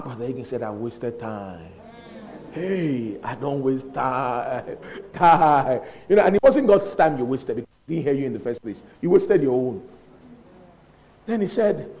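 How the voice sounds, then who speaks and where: Man preaching, emphatic, animated, repeats phrases, acts out dialogue, fairly high voice. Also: poor audio. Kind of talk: sermon.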